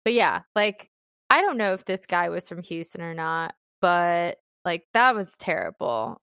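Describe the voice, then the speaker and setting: A woman's voice: on the low side, expressive, measured pace, a bit bright, clear, resonant tone, no echo, studio quality. A young woman telling a bad-date story in casual chat, filler-heavy and laughing often. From Philippines. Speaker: guest telling a dating story.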